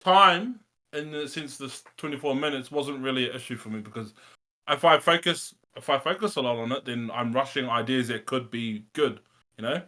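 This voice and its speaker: A man's voice: mid-range voice, moderate pace, bright, forceful tone. A man, a music producer, talking casually and modestly about his process, hesitating with lots of fillers. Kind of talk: casual chat.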